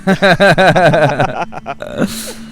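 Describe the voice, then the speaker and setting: A man's voice: fairly high pitch, very slow, fairly bright tone. A man hosting a podcast, chatting casually with a guest and encouraging him with frequent affirmations. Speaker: podcast host. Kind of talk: casual interview chat.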